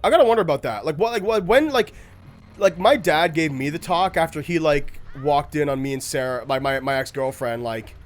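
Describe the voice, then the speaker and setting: A man's voice: fairly high pitch, brisk. A young man streaming a game, chatting casually and rambling with lots of filler words and giggles. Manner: animated, giggly, rambling with many "like"s. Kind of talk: casual chat while gaming.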